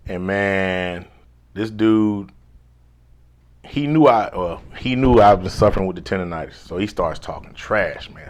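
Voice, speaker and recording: A man, a life coach, telling a personal story in a laid-back, slangy way, now and then dropping to a hushed whisper. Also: sits low, animated, measured pace. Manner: drops to a hushed whisper when replaying his inner thoughts.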